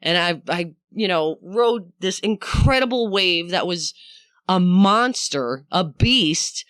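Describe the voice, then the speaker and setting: Woman, podcast host, casual storytelling, bright forceful voice, smooth and crisp, animated, swears freely. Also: on the low side, slow, dry recording, studio quality. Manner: animated, swearing, addresses listener directly.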